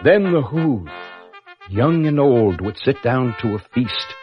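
An older man reads a rhyming storybook slowly, in a rhythmic and playful way that swells on repeated words. It sounds like a dull, lo-fi cassette with brass music underneath. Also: mid-range voice, expressive. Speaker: narrator. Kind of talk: storybook narration in rhyme.

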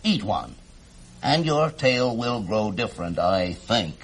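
A man voicing a soft-hearted old male bird doctor who tut-tuts and sighs, in a storybook reading. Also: fairly low pitch, sing-song, husky, full character voice. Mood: reluctant. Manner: tut-tutting, sighing, unhurried.

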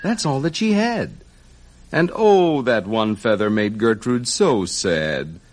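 A man narrating a rhyming children's story in an expressive, sing-song way. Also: medium pitch, takes it slowly, noisy background.

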